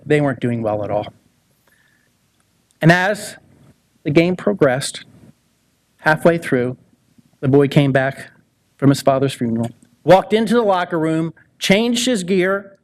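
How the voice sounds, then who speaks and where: Man telling a moving story from a podium. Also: animated. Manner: dramatic, pausing storyteller with swings in pitch. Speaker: son introducing a hall of fame inductee. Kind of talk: storytelling speech at an induction ceremony. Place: ceremony hall.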